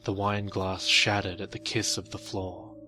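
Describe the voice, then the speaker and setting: A man reading a horror story in slow, measured scripted narration. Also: low-pitched, level tone, music in the background.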